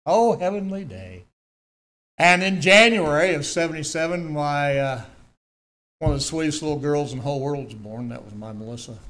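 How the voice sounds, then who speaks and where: A man's voice: on the high side, a little fast, bright, forceful tone. An older man, giving a personal testimony in church, telling his story earnestly with emphatic repetitions.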